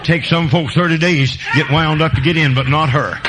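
A man delivers a sermon peppered with folksy country stories, swinging from loud, high-pitched bursts to low, quiet asides. He talks at a moderate pace with hardly any pauses, and the background is noisy.

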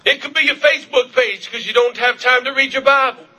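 A man preaching a revival sermon, fervent, repeating his questions and shouting at the peaks. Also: very high-pitched, steady tone, fairly quick. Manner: fervent, shouting at peaks, repetitive calls to the congregation. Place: church service.

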